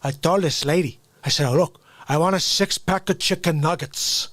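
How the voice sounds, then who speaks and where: A man's voice: on the high side, moderate pace, fairly bright tone, dry recording, lightly acted. A man doing an impression of a hot-tempered middle-aged gangster, blustering and confrontational. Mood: angry.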